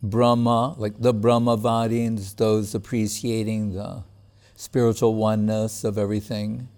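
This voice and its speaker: A man giving a casual spiritual talk. He speaks in a relaxed, conversational way, chuckles often, and recites Sanskrit verses between plain remarks. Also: fairly low pitch, a little slow, clear, resonant tone. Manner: relaxed and conversational, with frequent "like" and "you know". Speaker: spiritual teacher.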